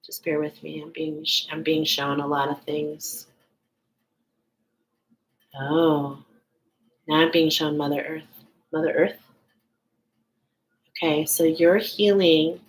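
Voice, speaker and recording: A woman delivers a live channeled reading, speaking slowly and with many pauses. Her voice sits somewhat low. She keeps breaking off to check in with "okay" before carrying on. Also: steady tone, slight background noise, poor audio. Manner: halting, often checks in with "okay". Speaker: intuitive reader.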